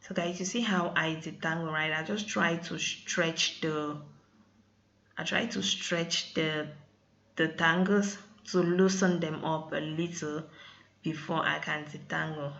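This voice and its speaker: A woman's voice: low-pitched, fairly even intonation, a little slow, gravelly, a bit bright, muffled recording, slight background noise. A woman with talking casually over her hair-care vlog, often addressing viewers as "guys". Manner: chatty, keeps saying "guys". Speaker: hair vlogger.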